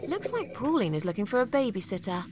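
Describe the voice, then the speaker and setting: A woman's voice: very animated, quick pace. An actress voicing a lonely, weary woman in her forties in a game, grudging and sardonic. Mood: wry. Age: 40s. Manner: grudging, sardonic, low-key. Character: lonely weary middle-aged woman, reluctant and dry. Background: game music.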